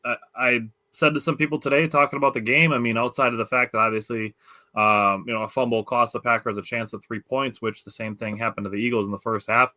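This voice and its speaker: A man's voice: medium pitch, steady tone, quick pace, sharp tone, no room sound. A man with a Wisconsin accent hosting a casual sports podcast, talking loosely with lots of fillers. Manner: loose, filler-heavy, enthusiastic. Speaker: podcast host.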